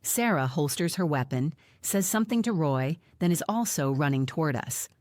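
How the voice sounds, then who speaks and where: Low-voiced lady narrating a book, first person, super dry close sound. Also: expressive, moderate pace, darkish tone, no echo. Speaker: audiobook narrator.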